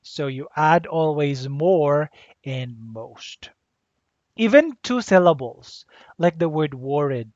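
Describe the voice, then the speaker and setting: Slow teacher. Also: medium pitch, animated, no echo. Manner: deliberate, spells out letters and repeats rules. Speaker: English teacher. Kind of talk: grammar lesson. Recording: dull lo-fi dry recording.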